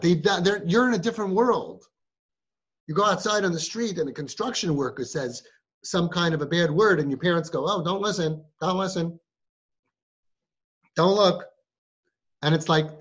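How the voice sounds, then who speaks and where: A man who guides families, giving a live talk to a group of girls and firing rhetorical questions at them. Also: fairly high pitch. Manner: rhetorical, fires questions at the audience. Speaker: parenting guide addressing siblings. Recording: muffled recording.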